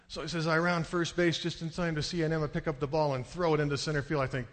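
Animated male preacher in a reverberant hall. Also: fast talker, hardly any pauses. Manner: animated storyteller, jumps into high excited delivery. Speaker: pastor. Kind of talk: sermon with storytelling. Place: church sanctuary.

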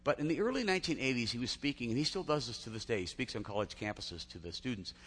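A man's voice: medium pitch, sing-song, fast talker, a bit bright. A man preaching a sermon in a chatty storytelling way, often restarting his sentences. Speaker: pastor. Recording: long hall reverb.

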